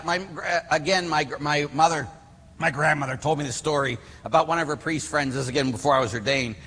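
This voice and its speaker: A middle-aged man from Pittsburgh preaches as a priest, his voice husky yet bright and rather high. He tells his stories with lively energy and plenty of fillers. His words ring out with the long reverb of a church hall. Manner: animated storyteller acting out quotes, many fillers. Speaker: Catholic priest. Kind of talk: storytelling sermon.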